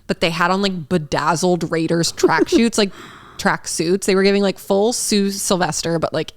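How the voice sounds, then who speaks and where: A young woman from Massachusetts tells a gossipy story on a podcast, her voice sitting lower than most. She peppers every sentence with "like" in casual chat. The recording is close and dry. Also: expressive, moderate pace, no echo. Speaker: podcast co-host.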